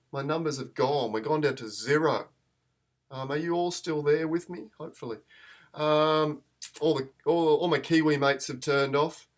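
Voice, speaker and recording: A man, chatting in a rambling, self-deprecating way as he hosts a live photo-editing tutorial stream. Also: a little high.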